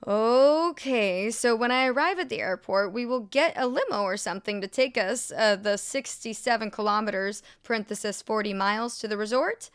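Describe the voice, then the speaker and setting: A woman reads posts aloud and breaks in with sarcastic asides. Her voice sits slightly high and sounds smooth and clear. She laughs often as she comments. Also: moderate pace, a bit bright. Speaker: host reading online posts.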